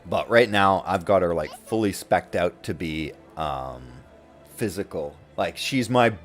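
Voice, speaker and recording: A man's voice: deep voice, lively intonation, measured pace, soft background music. A man streaming a game and chatting casually, laughing often and swearing now and then. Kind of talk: casual commentary while gaming.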